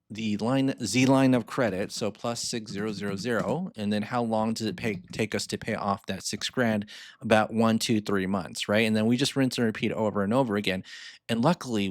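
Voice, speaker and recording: A man's voice: on the low side, dry recording, clean studio sound. An upbeat man teaching a finance lesson over a screen share, reading figures aloud twice and checking in with the viewer. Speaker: finance mentor. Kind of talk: screen-share spreadsheet tutorial.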